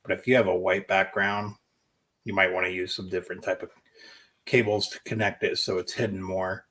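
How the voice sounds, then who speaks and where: A man's voice: low-pitched, flat delivery, fairly quick, fairly bright tone. A man giving blunt, opinionated takes in a casual chat as a co-host.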